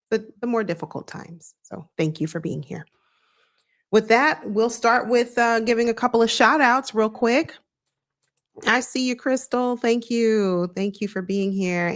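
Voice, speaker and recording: A woman with a slightly low voice hosts a casual live stream. She talks in an easygoing, earnest way and stops often to greet viewers by name. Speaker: host of a sports live stream.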